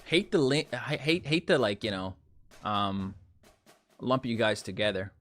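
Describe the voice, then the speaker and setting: A young man giving casual gameplay commentary to his viewers, chatty and animated, ranting playfully as he plays. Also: on the low side, a little slow, soft background music. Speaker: gaming YouTuber.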